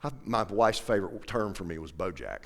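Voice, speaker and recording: A man's voice: sits low, sing-song, a little fast, vocal fry, fairly bright tone, big-room sound. A middle-aged man telling an emotional personal story to an audience, acting out the dialogue as he goes. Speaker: professional angler.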